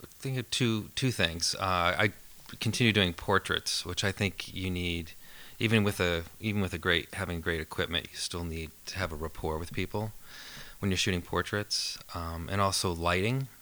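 A man, a photographer and filmmaker, talks in a relaxed, thoughtful way as a podcast guest and tells amused stories. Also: low-pitched, normal speed. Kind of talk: casual podcast interview.

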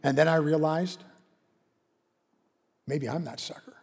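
A man's voice: fairly high pitch, steady tone, unhurried, gravelly, a little mellow, in a large hall. A man preaching a sermon, emphatic, acting out a prophet's bitter complaints with rising intensity. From Canada. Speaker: pastor.

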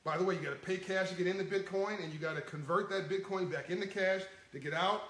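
A man hosting a livestream in a casual, animated and folksy way, chuckling as he talks to his viewers. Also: high voice, fast, echoey room, low-quality recording. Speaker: livestream host.

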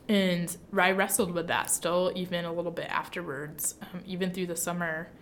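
A woman's voice: on the low side, moderate pace, hardly any pauses, slight background noise. A young woman from the Midwest telling a personal story in casual chat, talking chattily with lots of fillers. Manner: chatty, lots of "like", animated retelling.

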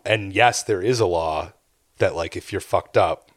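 A man with a fairly low voice tells a story over casual podcast chat. He acts out the people in it with plenty of swearing. The sound is dry and close, with no room echo. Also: normal speed. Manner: animated storyteller, acts out bar dialogue with profanity. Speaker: podcast co-host.

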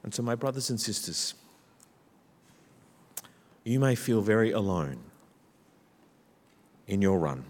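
A man's voice: fairly low pitch, big pitch swings, slow, long pauses. Man preaching in a reverberant church. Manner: builds from quiet to loud, rousing. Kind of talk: sermon. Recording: church hall with long reverb.

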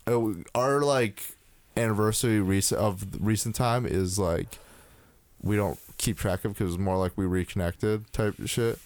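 A man's voice: on the low side, fairly even intonation, unhurried, a little mellow, no room sound. A young man co-hosting a podcast, chatting casually and rambling with restarts and swearing. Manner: rambling, swears freely, many restarts and fillers. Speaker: podcast co-host.

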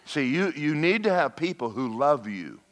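A man preaching a lively sermon, folksy and animated, slipping into mock voices and asides to the congregation. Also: on the high side, normal speed, slight background noise. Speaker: pastor.

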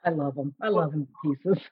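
A woman mentor casually telling a funny story in a lively, animated way. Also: deep voice, normal speed, breathy edge. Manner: lively, laughing, animated retelling. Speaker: youth mentor. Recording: tinny phone-like line.

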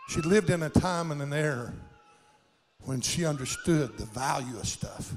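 Older male pastor, fervent folksy sermon, somewhat high voice, long hall echo. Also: animated, moderate pace. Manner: impassioned folksy preaching with plain country grammar. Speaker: preacher. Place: church sanctuary.

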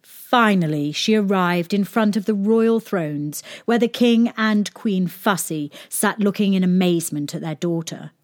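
A woman reading a children's story aloud in a gentle, expressive storytelling manner. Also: mid-range voice, unhurried.

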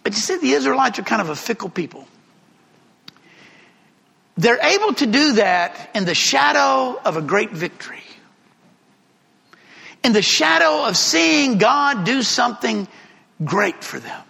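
Guy teaching bible class, bright sharp voice w gravel in it, asks the room lots of questions. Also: extremely high pitch, sing-song, measured pace, long pauses. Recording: reverberant room recording.

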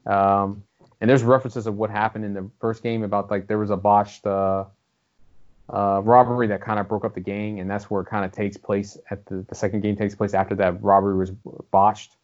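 Brief: fast, rambling male co-host, low voice, muffled recording. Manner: rambling, animated, swears freely. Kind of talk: casual gaming chat. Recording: dull lo-fi audio.

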